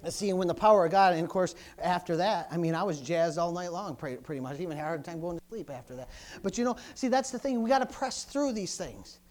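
High-voiced fervent preacher man. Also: fast talker. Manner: preaching with surges of loud fervor then dropping low. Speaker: pastor. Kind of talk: sermon.

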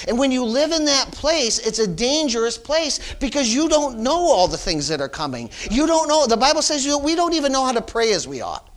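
A man's voice: extremely high pitch, fairly bright tone. A man, a pastor, preaching a sermon and calling out to his congregation with frequent amens and rising emphasis.

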